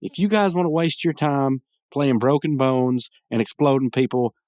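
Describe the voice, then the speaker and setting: A man voices an irritable male park manager, scolding his workers in a clipped manner. His natural voice is mid-range and darkish, pitched above his own, at a moderate pace, in a dry, studio-quality recording.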